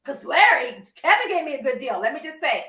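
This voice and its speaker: Woman host, animated storyteller who laughs a lot and speaks straight to her audience; high voice, echoey room. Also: fairly quick. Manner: animated, laughing, addresses listeners as y'all. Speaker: podcast host. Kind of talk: casual storytelling chat.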